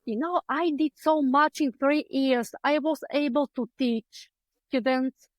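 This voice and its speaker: On a podcast via video call, a woman with an Eastern European accent, a clinical psychologist, shares her story from a book-lined home room. Her voice sits high with a steady tone and measured pace, on a low-quality recording without room sound. She's chatty, uses lots of fillers, and re-enacts her past thoughts.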